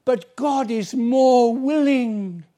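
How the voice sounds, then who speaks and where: A man's voice: extremely high pitch, extremely slow, mellow. A male preacher giving an earnest, pleading evangelistic sermon, acting out little everyday dialogues.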